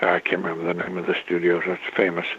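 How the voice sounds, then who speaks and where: An older man, a guest in an interview, telling a long rambling story, halting and restarting often, with a chuckle now and then. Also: sits low, monotone, fairly bright tone, husky, no room sound. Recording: dry tinny phone line.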